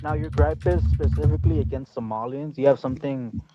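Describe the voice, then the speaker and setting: A man debating casually, speaking haltingly with many fillers and restarts. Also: medium pitch, steady tone, muffled recording, noisy background.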